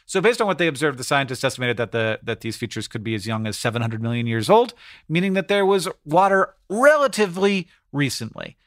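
A man's voice: mid-range voice, sing-song, a little fast, no echo, clean studio sound. A man co-hosting a podcast in casual chat, explaining science news in an enthusiastic, chatty way. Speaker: podcast co-host.

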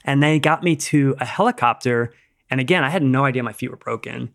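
A man's voice: mid-range voice, fairly quick, vocal fry. A middle-aged man, a podcast guest, telling a casual story in a rambling way, acting out what people said and using many "like"s.

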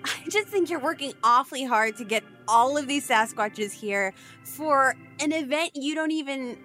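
A woman's voice: high voice, animated, moderate pace, pushed and bright, faint music behind. A woman playing a tabletop game, skeptical and blunt. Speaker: player.

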